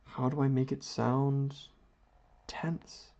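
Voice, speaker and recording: A man's voice: mid-range voice, level tone, slow pace, vocal fry, darkish tone. A man rambling through a philosophical monologue while he doodles, drifting into mock-grand phrasing. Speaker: vlogger. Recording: dull lo-fi audio.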